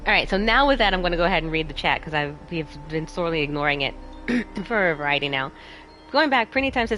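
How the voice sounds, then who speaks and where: A young woman streaming a game, chatting casually with her chat and a friend, bubbly and quick to laugh. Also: on the low side, soft background music. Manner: bubbly, giggly, animated, talks to chat. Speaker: streamer and host. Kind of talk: casual chat while playing a game live.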